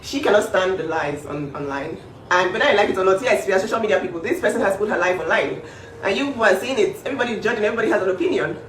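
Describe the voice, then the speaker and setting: In a home kitchen, a woman with a medium-pitched, racing voice defends her younger sister during a casual vlog. She's emphatic and repetitive, packing in lots of fillers. The room is echoey, the mic sits at a distance, and there's faint background noise.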